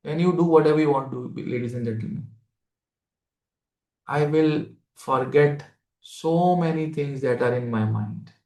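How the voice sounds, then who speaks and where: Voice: mid-range voice, a little slow, darkish tone. Echoey Indian-accented astrology teacher, repetitive. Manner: explanatory, repeats key phrases, mixes Hindi into English; addresses students directly with questions. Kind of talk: live masterclass lecture. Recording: echoey room.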